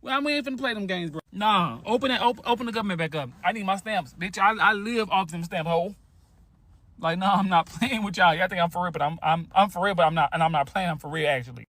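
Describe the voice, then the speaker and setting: A brash, slangy ranter with a high voice, swinging between joking and deadly serious, played by a man. The sound is dry and close, with no room around it. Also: fast talker, a bit bright, no room sound. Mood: ranting. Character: brash young man ranting about food stamps. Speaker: person in a played social media clip. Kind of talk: rant and joke impression in a clip.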